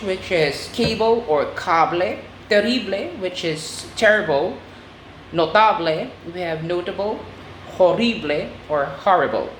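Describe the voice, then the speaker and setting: Slow, deliberate woman teaching in an echoey room. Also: mid-range voice, slight background noise. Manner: slow, deliberate, repeats words for students. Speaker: Spanish teacher. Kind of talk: oral recitation lesson. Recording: echoey room with faint ambience.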